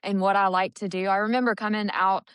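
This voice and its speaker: A woman's voice: mid-range voice, fairly even intonation, fast talker, smooth, no room sound. A woman co-hosting a recovery podcast, telling her own story openly and earnestly in casual chat. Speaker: podcast co-host.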